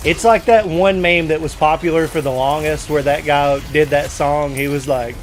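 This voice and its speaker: A middle-aged man hosting a gaming stream, loud and joking with friends. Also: a little high, steady tone, normal speed, a little hiss or hum. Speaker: streamer host. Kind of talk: casual gaming chat.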